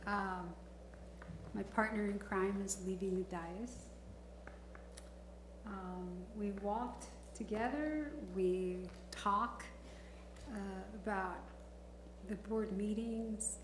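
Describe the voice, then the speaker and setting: A woman's voice: mid-range voice, slow pace, long pauses. A woman from Chicago, a village trustee, speaking chattily at a board meeting and often breaking into laughter. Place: council chamber. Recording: roomy chamber audio, faint noise.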